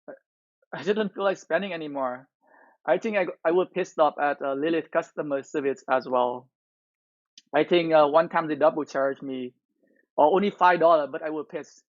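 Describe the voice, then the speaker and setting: A man's voice: fairly high pitch, no echo. A man streaming live and chatting casually, ranting in an aggrieved way and restarting his sentences often. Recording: dull lo-fi audio.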